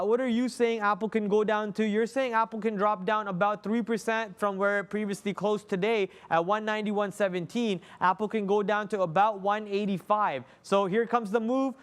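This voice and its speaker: Livestream host, male, high clear tone, excitable and thinking aloud as he watches the market. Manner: excitable, thinking aloud, many fillers and restarts. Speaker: day trading livestream host. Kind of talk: live market commentary.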